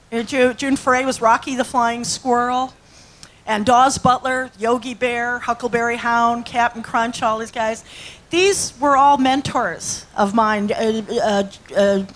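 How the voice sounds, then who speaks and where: A woman's voice: fairly high pitch, slight background noise, poor audio. Chatty woman in her sixties, storytelling. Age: 60s. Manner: chatty, rambling storyteller with fillers. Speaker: actress and acting teacher. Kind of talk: anecdotal talk to an audience.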